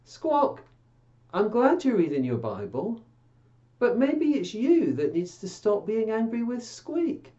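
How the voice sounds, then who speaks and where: A children's church presenter with a bouncy, sing-song delivery who takes things slowly and deliberately. The voice is playful and coaxing, as though chatting with puppets for young listeners. The sound is dull and slightly lo-fi. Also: medium pitch, wildly swooping pitch, warm tone. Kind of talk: Bible reading and puppet talk for children.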